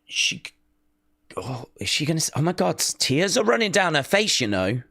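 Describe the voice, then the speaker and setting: Excitable man reacting live, high lively voice. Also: normal speed, vocal fry. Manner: excitable, talks back at the screen. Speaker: wrestling watch-along streamer.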